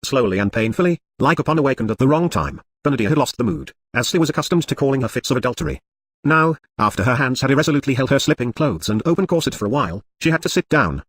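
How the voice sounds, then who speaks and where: A man reading a literary novel aloud as an audiobook narrator, in a brisk, even manner. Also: medium pitch, slightly rough. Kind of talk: scripted narration.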